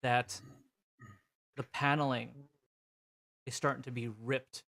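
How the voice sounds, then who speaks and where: A man's voice: mid-range voice, flat delivery, slow, gravelly, a bit bright. A man narrating a tabletop role-playing game as game master, describing scenes vividly with frequent fillers.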